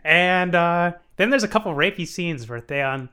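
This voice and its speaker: A young man with a bright, forceful voice, chatting loosely on a comedy podcast. He pitches a touch high and keeps breaking into giggles as he rambles through a recap. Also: lively intonation, smooth. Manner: rambling, giggly, slips into quick voices for characters. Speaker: podcast co-host recapping a show. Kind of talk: casual comedic podcast chat.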